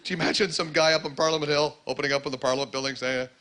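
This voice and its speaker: A man's voice: on the high side, steady tone, rapid-fire. A man doing a stand-up routine on a comedy club stage, rambling and full of fillers, slipping into mock voices for his characters. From Canada. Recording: loud noisy club ambience.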